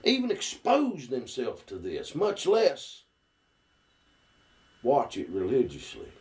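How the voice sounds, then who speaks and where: A man's voice: mid-range voice, wildly swooping pitch, slow pace, a little mellow, recorded from a distance. A man with a Southern US accent, telling stories in a folksy, drawling way in a casual conversation. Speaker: guest.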